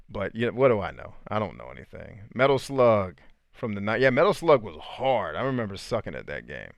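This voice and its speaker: A man hosting a casual livestream, chatting with viewers in an animated, joking way and swearing freely. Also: medium pitch, normal speed, dry recording. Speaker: podcast host answering live chat.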